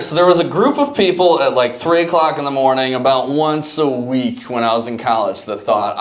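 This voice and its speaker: A man in his twenties from Cleveland doing a loose, chatty stand-up set and talking with the audience. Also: on the high side. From Cleveland, Ohio. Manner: loose, conversational, chats with the audience. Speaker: stand-up comedian. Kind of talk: stand-up set with crowd work. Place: comedy club. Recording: echoey club room, loud crowd noise.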